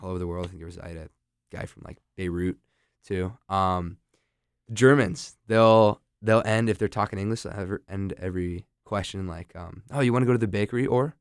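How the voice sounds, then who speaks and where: A man's voice: low voice, fairly even intonation, moderate pace, smooth, dry recording, studio quality. A young man who teaches English, chatting easygoingly and enthusiastically as a podcast guest. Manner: enthusiastic, easygoing, laughs along. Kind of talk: casual podcast chat.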